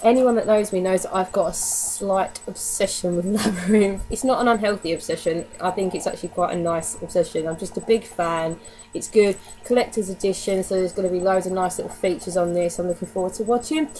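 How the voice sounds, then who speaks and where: A woman's voice: on the low side, brisk, a little mellow, low-quality recording. A woman chatting casually to camera in a DVD haul vlog, candid and given to casual swearing. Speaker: vlogger.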